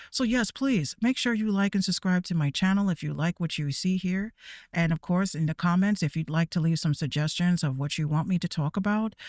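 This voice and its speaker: A woman's voice: fairly low pitch, darkish tone, no echo, clean studio sound. A woman who hosts her own VTuber show, ranting bluntly and casually, with frequent swearing and laughter. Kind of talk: casual profane rant.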